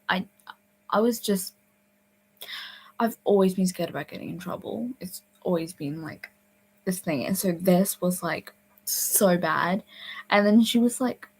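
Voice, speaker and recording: A woman's voice: lowish voice, a little mellow, husky, rough recording. A young adult woman telling a personal story in a casual, rambling way, full of fillers, restarts and sudden whispers. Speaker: storyteller vlogger.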